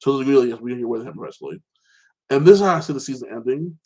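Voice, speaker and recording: Man, casual TV recap talk, rambling, mid-pitched voice, loose restarts. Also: expressive, very fast, dark tone, poor audio. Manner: rambling, with many restarts and frequent "like this". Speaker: host. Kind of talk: casual chat reviewing TV episodes.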